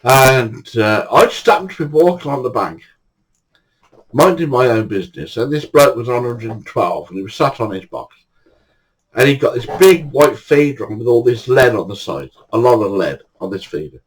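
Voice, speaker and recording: A man's voice: medium pitch, animated, normal speed, breathy edge, low-quality recording. An older man telling true stories in a chatty way, often breaking into laughter. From England. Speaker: storyteller. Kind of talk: casual anecdote telling.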